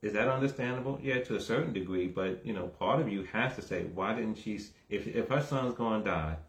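A man preaching a conversational sermon that starts low and calm and builds into emphatic, raised exhortation. He repeats himself and keeps checking with the listeners. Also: a little fast, echoey room. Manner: repeats words, asks the audience "right?".

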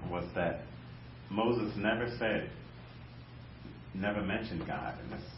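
Low-voiced man commenting from the room. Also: animated, takes it slowly. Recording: roomy and muffled, background noise.

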